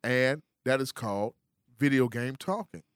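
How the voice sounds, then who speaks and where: A man's voice: mid-range voice, measured pace, clear, resonant tone, no room sound. Playful lecturing man, dry close mic. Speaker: co-host. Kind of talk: casual podcast banter.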